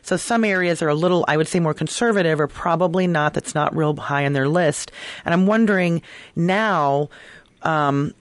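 A woman's voice: deep voice, moderate pace, no echo. A woman hosting a radio interview, thinking aloud as she asks her questions, with many fillers and restarts. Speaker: radio show host.

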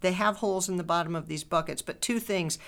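A woman's voice: lowish voice, quick pace. A woman co-hosting a casual gardening chat, explaining plainly and laughing easily. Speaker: co-host, urban farmer.

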